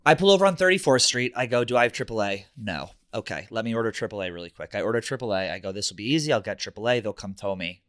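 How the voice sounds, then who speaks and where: A man, a podcast co-host telling an animated, profane story in casual chat and acting out quotes. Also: on the low side, very fast, few pauses, no echo, studio quality.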